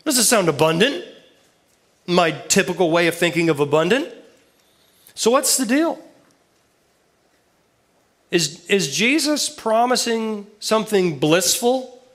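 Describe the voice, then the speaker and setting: A man's voice: high-pitched, sing-song, unhurried, long pauses, fairly bright tone. A man preaching a conversational sermon, reading Bible verses aloud with casual asides and questions to his listeners. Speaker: pastor.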